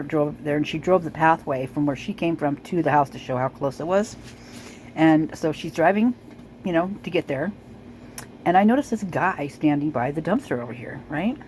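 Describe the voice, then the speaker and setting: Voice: medium pitch, a little mellow, a little hiss or hum, rough recording. A person casually talking over news footage as a video commentator, rambling with many fillers and restarts and sounding suspicious and speculative.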